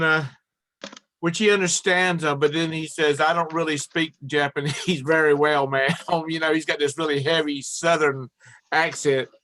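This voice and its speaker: Middle-aged male co-host, a touch high-pitched, teasing storyteller, dry recording. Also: fairly bright tone, dry recording. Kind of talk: casual chat.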